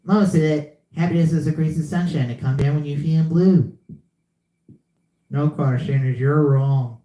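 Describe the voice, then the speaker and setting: A man's voice: a little high, steady tone, moderate pace, mellow, natural voice. A man doing a stammering, simple water boy. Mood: earnest. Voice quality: stammering, earnest. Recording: echoey room.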